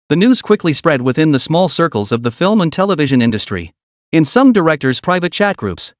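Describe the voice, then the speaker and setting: A man narrating a scripted web novel story, with quick shifts in tone for the quoted characters. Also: on the high side, very animated, no room sound, studio quality.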